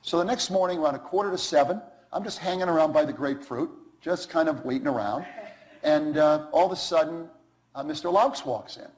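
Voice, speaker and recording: A man giving a storytelling talk to students, acting out quoted dialogue with animated shifts of voice. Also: fairly quick, rough recording. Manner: animated, acts out quoted dialogue with lively pitch swings. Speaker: guest speaker to students.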